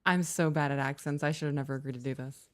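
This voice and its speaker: Casual woman co-host, playful and giggly, fairly low voice, teasing herself as she chats on a live stream. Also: steady tone, fast talker. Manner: playful, giggly, self-mocking. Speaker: podcast co-host.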